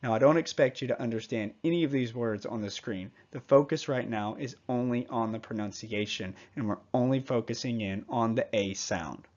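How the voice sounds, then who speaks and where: A man teaching a Spanish pronunciation lesson, patiently repeating each example word slowly and clearly. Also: medium pitch, a little mellow, muffled recording.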